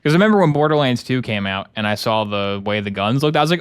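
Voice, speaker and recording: A man's voice: medium pitch, animated, fast, few pauses, clean tone, dry recording. A man streaming a video game live, joking and complaining sarcastically while he plays and thanks his chat. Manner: sarcastic, grumbling, jokey; talks to chat, thanks subscribers. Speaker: gaming streamer. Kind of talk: live gameplay commentary.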